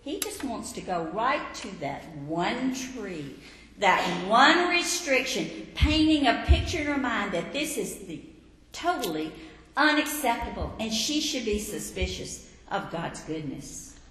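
A woman Bible teacher giving a teaching sermon in an emphatic, expressive way. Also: fairly high pitch, measured pace. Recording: echoey hall, faint background noise.

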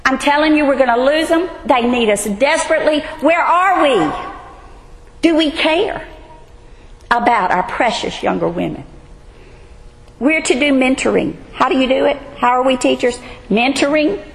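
A woman, earnestly teaching a women's Bible study. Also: high voice. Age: 60s. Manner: earnest, emphatic, emotional at times. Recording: hall reverb, faint ambience.

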